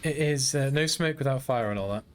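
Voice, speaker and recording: A man's voice: mid-range voice, a little fast, slight background noise. A British man in his twenties chatting casually to viewers on a game stream, rambling and slangy and laughing often. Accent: British English. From Britain. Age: 20s. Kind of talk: casual gaming stream chat.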